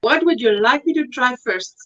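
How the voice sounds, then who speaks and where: A woman's voice: sits high, expressive, normal speed, a bit bright, dull audio. An older woman with a South African accent, hosting a casual live chat, laughing often and reading viewer comments aloud. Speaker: livestream host.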